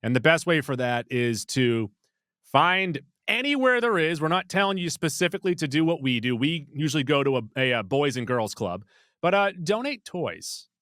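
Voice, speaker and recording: A male movie podcast co-host chats casually and playfully, cracking jokes and rattling off lists. His voice is on the high side and sing-song, at a moderate pace with a fairly bright tone. The sound is clean studio quality with no echo.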